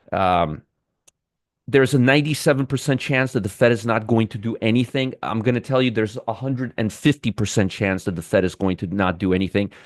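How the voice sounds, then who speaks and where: A man's voice: medium pitch, no echo, studio quality. A man hosting a live trading stream, chatting with viewers by name and commenting on markets in a casual, restarting way.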